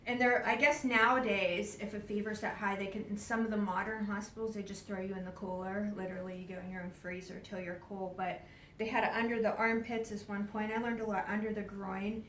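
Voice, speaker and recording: A woman speaking to a live audience, telling a personal story with animated, acted-out quotes, laughs and sudden hushed whispers. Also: medium pitch, fairly quick, slight background noise. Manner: laughs often while talking. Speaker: speaker at a spiritual event. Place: event hall. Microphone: distant camera mic. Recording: roomy, distant live event recording.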